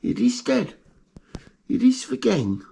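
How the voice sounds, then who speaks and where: A man voicing his contented male pet rat, answering him as "Dad" in a high squeaky put-on voice. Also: wildly swooping pitch, slow, creaky, warm tone, husky, heavily acted.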